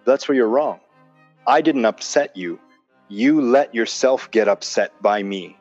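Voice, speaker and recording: A man's voice: medium pitch, a little slow, darkish tone. A man in casual conversation, making his points with emphasis, repeating them and explaining with examples. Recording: dull lo-fi sound with faint music.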